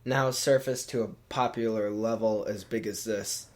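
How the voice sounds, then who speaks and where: A man's voice: fairly low pitch, steady tone, moderate pace, darkish tone. Rambling man co-hosting a tech podcast. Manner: rambling, thinks aloud with many "like"s. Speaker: podcast co-host. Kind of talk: casual tech podcast chat.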